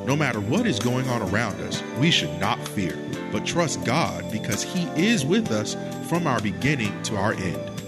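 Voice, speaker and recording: A man reading a scripted introduction to a radio sermon, earnest and measured. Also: medium pitch, very animated, over loud music. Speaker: radio announcer.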